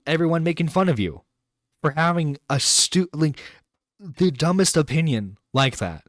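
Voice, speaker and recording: A man's voice: on the high side, lively intonation, normal speed, no room sound. A man hosting a live stream, reacting to a clip in an exasperated, incredulous rant with some swearing, close to the mic. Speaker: internet radio host reacting to a clip.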